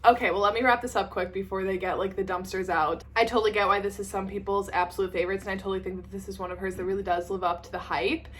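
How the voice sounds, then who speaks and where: A woman's voice: medium pitch, fairly even intonation, fast, hardly any pauses. A young woman in her twenties talking casually on a vlog, gushing and filling her sentences with "like". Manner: chatty and gushing, many "like" fillers. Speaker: book vlogger. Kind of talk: casual chat. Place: indoors at home.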